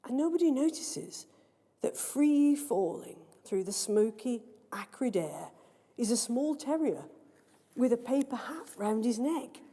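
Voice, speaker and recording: A woman's voice: fairly high pitch, husky. Woman reading a story in a reverberant hall. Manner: expressive, measured storytelling. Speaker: author reading her story. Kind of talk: story read aloud at a live event. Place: large library hall. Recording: long reverb of a large hall.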